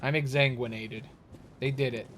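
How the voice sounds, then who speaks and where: A man's voice: medium pitch, fairly even intonation, moderate pace, a bit bright. A man streaming a video game, rambling jokily and getting exasperated at a boss he cannot beat. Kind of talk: casual gameplay commentary. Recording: audible background noise.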